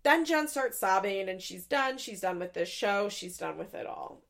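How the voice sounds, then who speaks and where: Chatty podcast woman with vocal fry. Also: mid-range voice, lively intonation, fairly bright tone. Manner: chatty, profane, quick asides. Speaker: podcast host. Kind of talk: casual recap chat. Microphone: studio podcast mic.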